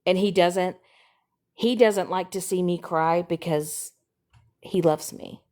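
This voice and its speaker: A woman chatting casually on a livestream, repeating herself and sliding from soft mutters into sudden high squeals. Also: slow. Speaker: TikTok live streamer. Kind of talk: casual rambling chat.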